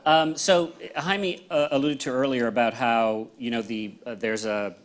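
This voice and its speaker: A man's voice: medium pitch, fairly even intonation, unhurried. A man moderating a panel who asks questions politely and somewhat hesitantly.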